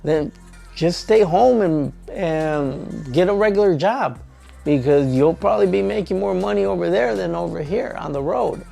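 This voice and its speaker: A man with a gravelly, creaky voice tells a story from his days as a truck driver trainer in a casual vlog. His voice sits somewhat high for a man, and he acts out both sides of the exchange with animated energy. Faint music plays underneath. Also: moderate pace.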